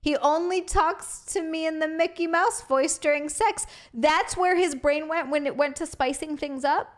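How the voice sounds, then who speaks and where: Perempuan muda bersuara nyaring ini menjadi co-host sebuah obrolan santai. Ia cerewet, cepat menanggapi, dan suka menggoda lawan bicaranya. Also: female voice, sits high, normal speed. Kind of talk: casual chat.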